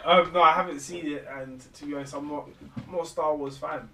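A man's voice: a little high, steady tone, fairly quick, noisy background. A young man co-hosting a casual podcast chat, rambling and slangy as he tells stories. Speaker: podcast co-host.

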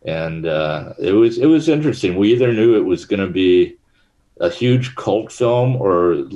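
Middle-aged guy with a really low voice, chatty and rambly, lots of ums and uhs. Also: lively intonation, normal speed, mellow, highs cut off. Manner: rambling, many fillers and restarts. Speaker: actor and guest. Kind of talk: casual interview chat.

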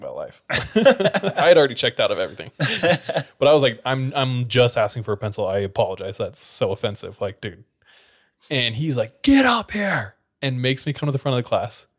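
A man co-hosting a podcast, telling stories in casual chat with lots of laughter. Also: mid-range voice. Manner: animated storytelling with laughter. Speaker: podcast co-host.

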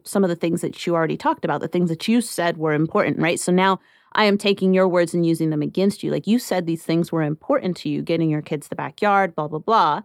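A woman's voice: lowish voice, no echo, clean studio sound. A woman in her thirties hosting a podcast, talking casually and acting out the lines of the people she quotes. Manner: chatty, acts out quoted dialogue. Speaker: podcast host.

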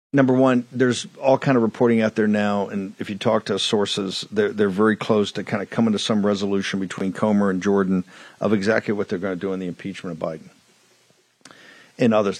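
A man's voice: fairly low pitch, no room sound. A man hosting a political talk show, delivering an emphatic monologue with hammering repetition into a studio microphone.

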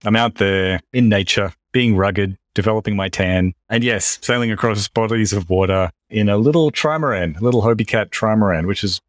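An Australian man hosting a podcast in casual chat, relaxed, chuckling easily, with a dry, understated way of putting things. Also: lowish voice, fairly quick, hardly any pauses, dry recording. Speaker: podcast host.

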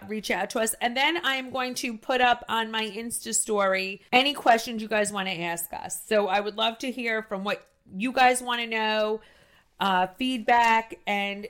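A woman with a New Jersey accent hosting a podcast, talking loudly and effusively, with emphatic stresses and frequent restarts. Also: a little high, normal speed. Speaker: podcast host. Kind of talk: casual podcast chat.

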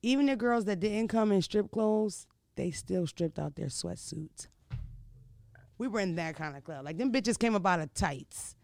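A brash woman, chatting and telling stories in a loud, profane, animated way. Her voice has a gravelly rasp. The sound is dry and close, with no room around it. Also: mid-range voice, moderate pace, no echo. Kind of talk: casual storytelling chat.

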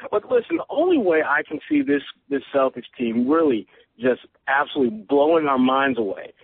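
A man's voice: on the high side, big pitch swings, gravelly, slightly rough, no echo. Analytical male reporter over a phone line. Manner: measured, analytical. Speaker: guest sports reporter. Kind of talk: sports talk podcast interview.

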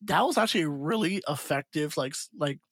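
Relaxed man recapping a film. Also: a little high, brisk, husky, no room sound. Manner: relaxed, hesitant, many fillers. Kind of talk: casual podcast chat and plot recap.

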